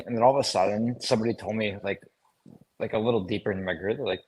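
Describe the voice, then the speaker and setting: A man in his thirties co-hosts a casual sports chat show, telling animated stories about his days as a player and laughing often. His voice is lowish with a breathy edge, and he talks quickly.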